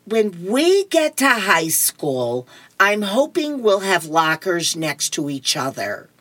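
A woman's voice: medium pitch, big pitch swings, slow, fairly bright tone, no echo, full character voice. A woman reading comics aloud, voicing a young girl leaning on a piano. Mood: wistful. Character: young girl hoping for shared lockers.

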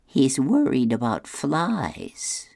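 A woman voicing a matter-of-fact older wife from a comic strip, calmly explaining. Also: a bass voice, very slow, creaky, dry recording, studio quality, voice pushed up, exaggerated voice.

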